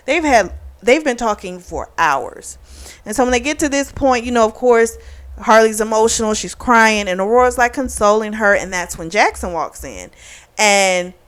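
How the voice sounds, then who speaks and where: A woman's voice: fairly high pitch, a bit bright, clear, resonant tone. A woman hosting a book club channel, casually recapping a novel and acting out the characters' lines with frequent fillers. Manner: chatty, retells scenes with quoted dialogue and laughs.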